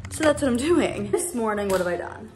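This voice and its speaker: A woman's voice: fairly high pitch, animated, a little fast, darkish tone, slight background noise. Chatty young woman vlogging in a roomy apartment. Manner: chatty, rambling, lots of "like". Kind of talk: casual vlog chat. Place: her apartment. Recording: roomy echo.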